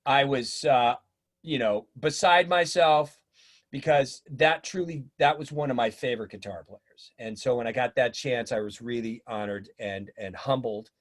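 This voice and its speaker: A middle-aged man telling stories in a casual interview, animated and acting out the voices of people he quotes. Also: mid-range voice, normal speed. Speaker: drummer and teacher, interview guest.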